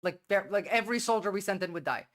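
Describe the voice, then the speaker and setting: A woman's voice: mid-range voice, fast, a bit bright. A woman hosting a livestream, talking bluntly and rambling in casual commentary. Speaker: livestream host.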